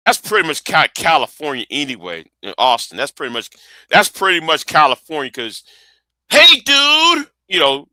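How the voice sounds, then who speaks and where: A man's voice: mid-range voice, sharp tone, no room sound. A man from Texas, chatting casually on a livestream in a rambling, profane way with stammering restarts. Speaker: livestream host.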